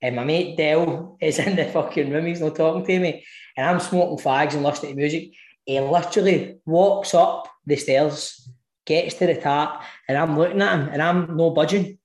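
A Scottish man in his twenties tells a story in loose, sweary podcast chat. His voice sits high and is full of energy. The room around him is echoey. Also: normal speed, darkish tone. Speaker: podcast co-host. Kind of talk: casual chat.

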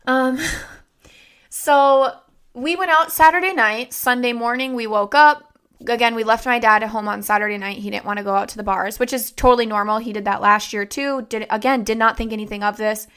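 A woman's voice: fairly high pitch, brisk, a bit bright, clean tone. A young woman vlogger telling a personal story in a rambling, conversational way, full of fillers and restarts.

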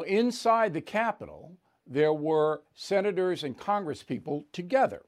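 An older man hosting a live news commentary show, speaking in a measured, deliberate way with firm emphasis. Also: fairly high pitch, darkish tone.

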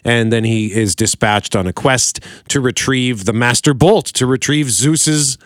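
A man's voice: mid-range voice, unhurried, dry recording, studio quality. A man co-hosting a podcast who explains a new fantasy series in a chatty way. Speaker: podcast co-host. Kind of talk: casual chat.

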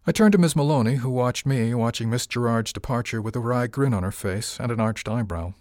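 A man reading a first-person audiobook narration in an even, wry manner, close to the mic. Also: medium pitch, a little fast, no echo. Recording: dry close recording.

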